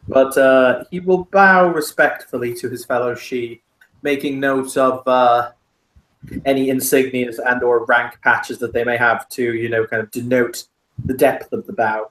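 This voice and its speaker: A man playing a tabletop role-playing game, narrating his character's actions in a relaxed, rambling way. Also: medium pitch, moderate pace, echoey room, poor audio. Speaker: player.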